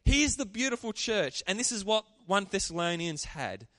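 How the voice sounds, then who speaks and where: A man preaching a sermon, animated and calling out to the congregation for responses. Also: high-pitched, normal speed, no echo. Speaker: pastor.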